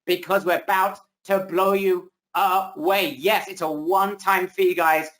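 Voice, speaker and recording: A man hosting a webinar, giving a pushy, excited sales pitch over a video call while his voice is wearing out. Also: a little slow. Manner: hyped, pushy salesman hype. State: losing his voice. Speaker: webinar host. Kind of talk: hard-sell webinar pitch.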